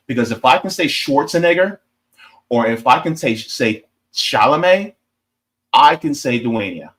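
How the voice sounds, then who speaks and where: An American man with a voice of middling pitch chats as a guest on a political show. He explains things patiently, stumbling into restarts and telling little stories to make his case. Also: animated, unhurried, fairly bright tone. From United States. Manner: explanatory, hesitant restarts, storytelling. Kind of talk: casual political chat.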